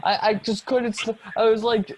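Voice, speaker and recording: Here a podcast co-host, a young man, meanders through a lengthy anecdote in easygoing chat, stumbling with ums and fresh starts. He speaks at a moderate pace in a high, fairly flat voice, captured on a poor-quality recording.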